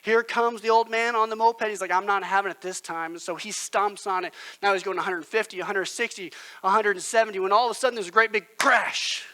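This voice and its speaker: Bright, high-voiced man preaching a sermon. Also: fairly even intonation, fairly quick, few pauses, low-quality recording. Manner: storytelling, earnest and conversational. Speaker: pastor.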